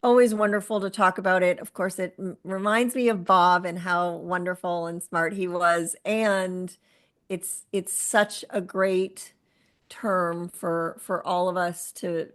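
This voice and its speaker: Earnest middle-aged woman, halting speech. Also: lowish voice, flat delivery, no echo. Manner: earnest, halting, many fillers and restarts. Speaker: guest, author and caregiver. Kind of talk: conversational interview.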